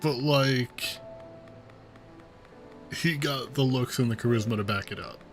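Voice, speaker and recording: A man's voice: mid-range voice, measured pace, faint music behind. Chatty emotional male game streamer. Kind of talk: casual gameplay commentary.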